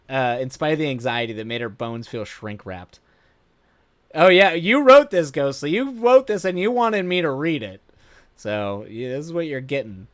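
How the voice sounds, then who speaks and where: A man reads a story aloud on a live stream, breaking off into laughing asides and restarting lines. His voice is lively and swoops up and down. The sound is dry and close. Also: mid-range voice, normal speed, no room sound. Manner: animated, laughing asides, self-interrupting.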